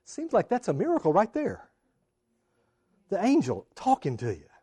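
Guy preaching a sermon, really animated, voice jumps all over, bit high. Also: normal speed, slightly rough. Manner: animated, acts out quoted voices with big swings in pitch and loudness. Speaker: pastor.

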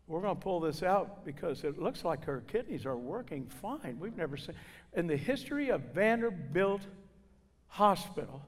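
A man preaching a testimony in a church, slightly higher-pitched than most men. He tells his story with feeling and slips into the voices of the people he quotes. His voice rings with the long reverb of a big hall. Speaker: guest preacher. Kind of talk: sermon testimony.

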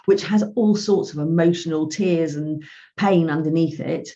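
A woman's voice: low-pitched, fairly quick, darkish tone. A woman, a financial coach, telling stories in a podcast chat and acting out both sides of each conversation. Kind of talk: podcast interview. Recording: dull lo-fi sound.

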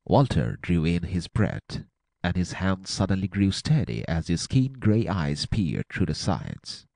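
A man narrating an adventure audiobook with a dramatic, expressive reading. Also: sits low, unhurried, gravelly, no room sound.

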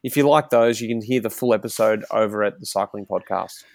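A man's voice: lowish voice, brisk, gravelly, darkish tone, no room sound, clean studio sound. An easygoing man from Australia, chatting plainly as a guest on a podcast. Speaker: professional cyclist, podcast guest. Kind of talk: casual interview chat.

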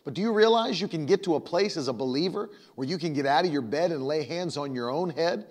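Fairly high-voiced man preaching in reverb. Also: animated, quick pace. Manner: emphatic, repetitive, conversational preaching. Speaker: pastor. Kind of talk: sermon. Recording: long reverb.

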